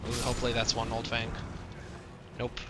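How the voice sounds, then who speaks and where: A man's voice: medium pitch, completely flat delivery, brisk, very noisy. A man giving casual gameplay commentary, grumbling and easily frustrated as things go wrong. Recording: game music behind voice.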